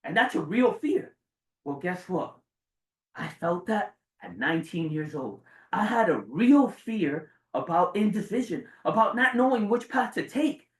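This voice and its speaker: A man's voice: big pitch swings, measured pace. Dramatic man in his forties, speaking from far off in a roomy space. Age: 40s. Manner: dramatic, swings from loud bursts to low quiet lines, swears. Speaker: motivational speaker. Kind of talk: motivational speech to a live audience. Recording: roomy sound from away from the mic.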